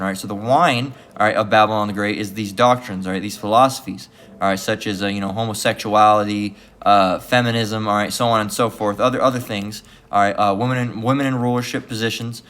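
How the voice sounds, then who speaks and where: A man's voice: lowish voice, a little fast, a bit bright, soft background music. A man giving rambling religious commentary, full of repeated fillers and restarts.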